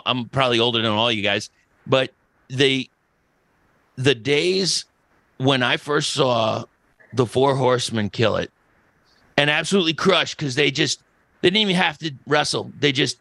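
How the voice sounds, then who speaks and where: A man's voice: medium pitch, creaky, bright, forceful tone, dry recording. Rambling, profane middle-aged man. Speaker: podcast host. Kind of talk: casual podcast chat.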